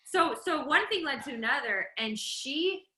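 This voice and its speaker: A woman guest on a podcast, telling a story in a lively, animated way, stumbling and restarting as she acts out the quotes. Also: high-pitched, measured pace, roomy sound, noisy background. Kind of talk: casual storytelling chat.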